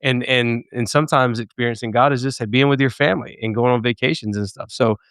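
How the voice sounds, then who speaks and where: A man with a smooth, clean voice talks as a guest on a podcast over a video call. He is emphatic and scornful, hammering points home by repeating phrases. The sound is dry, with no room around it. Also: mid-range voice, fairly even intonation, fast, a bit bright, dry recording. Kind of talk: casual conversation on a podcast.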